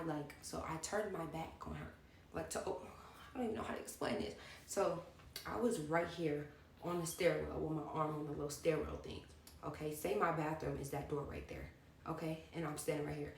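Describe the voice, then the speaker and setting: A young woman telling a personal story to her viewers in a chatty, animated way, turning to the audience again and again, recorded at home. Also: sits low, normal speed, vocal fry, roomy sound, a little hiss or hum. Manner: animated and chatty, keeps addressing the audience directly. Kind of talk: storytime vlog. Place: at home indoors.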